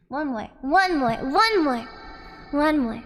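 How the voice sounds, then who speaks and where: A woman's voice: high voice, fairly bright tone, big-room sound. A woman streamer chatting playfully with her chat between karaoke songs. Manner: chatty, reads chat aloud, playful complaints. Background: karaoke backing track.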